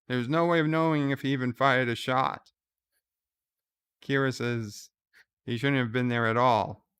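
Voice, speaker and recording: Slow, smooth-voiced man recapping a show. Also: medium pitch, a bit bright. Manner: casual plot retelling with fillers and restarts. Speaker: channel host recapping an episode. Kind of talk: live reaction commentary, retelling scenes.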